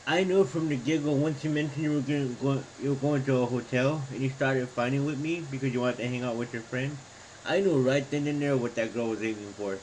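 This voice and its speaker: A man's voice: mid-range voice, steady tone, brisk, darkish tone, slight background noise, low-quality recording. A man speaking firmly and matter-of-factly on a live stream.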